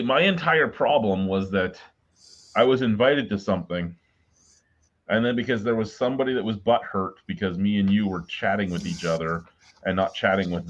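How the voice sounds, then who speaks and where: A man hosting a casual beer chat over a video call, blunt and swearing as he rants through stories. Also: fairly low pitch. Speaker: podcast host. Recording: dull lo-fi video call audio.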